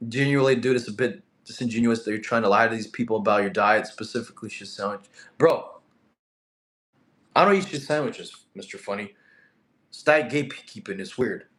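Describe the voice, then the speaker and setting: A young man from Russia, a fitness streamer reading live chat, animated and quick to get annoyed at spammers. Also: lowish voice. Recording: echoey room.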